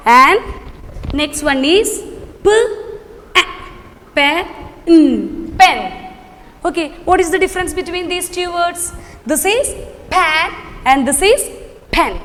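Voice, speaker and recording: Slow high-voiced woman teaching phonics. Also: lively intonation, fairly bright tone, in a large hall. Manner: slow, sounds out letters, answers own questions. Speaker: kindergarten teacher. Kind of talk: online phonics lesson for young children.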